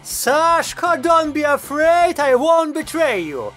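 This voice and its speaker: A man voicing a cheeky, bubbly young woman who talks high and excitedly in an audiobook. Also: takes it slowly, faint music behind, full character voice.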